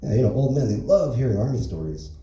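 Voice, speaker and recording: A man doing a rambling, deadpan stand-up set at an open mic, full of fillers. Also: mid-range voice, fast talker. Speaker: stand-up comedian. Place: comedy club open mic. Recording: echoey room from far off.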